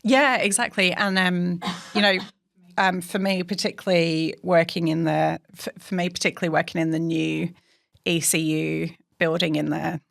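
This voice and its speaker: A woman's voice: fairly low pitch, steady tone, moderate pace, vocal fry. A woman from England, co-hosting a podcast in casual, chatty talk full of fillers and frequent laughs. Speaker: podcast co-host. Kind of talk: casual chat.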